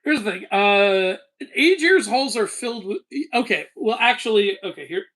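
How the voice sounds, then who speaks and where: A man running a relaxed live-stream Q&A picks questions from chat and responds with animation, frequent laughter and casual swearing. His voice sits high and moves at normal speed.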